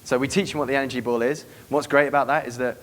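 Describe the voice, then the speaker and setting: A quick, rapid-fire man running a live seminar, swearing freely and slipping into snippets of acted dialogue. His pitch sits in an ordinary middle range. A faint hiss of noise sits under the talk. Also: steady tone, fairly bright tone. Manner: brash, profane, acts out quoted dialogue. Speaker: dating coach giving a seminar.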